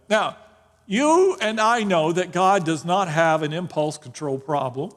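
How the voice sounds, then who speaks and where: A man's voice: on the high side, expressive, normal speed, a bit bright. A man, a pastor, teaching a Bible study in a casual, joking way, often restarting his sentences. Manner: conversational, joking, with frequent restarts. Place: church sanctuary. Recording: long reverb in a church hall.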